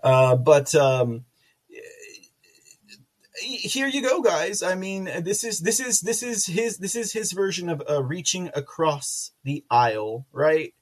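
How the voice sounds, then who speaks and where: Guy hosting a political stream, kinda high pitched, lots of uh and restarts, sarcastic jokes and loud laughs. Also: animated, slow pace. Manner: rambling with many fillers and restarts. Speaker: podcast host. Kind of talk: casual political commentary livestream.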